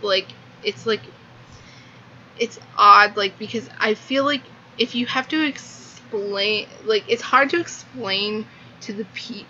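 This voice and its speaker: Young woman, bright high-ish voice, excited filler-heavy book chat, muffled lo-fi sound. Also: slow pace. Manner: gushing, filler-heavy, lots of "like". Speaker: book reviewer. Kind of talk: casual book review. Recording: muffled lo-fi with faint hiss.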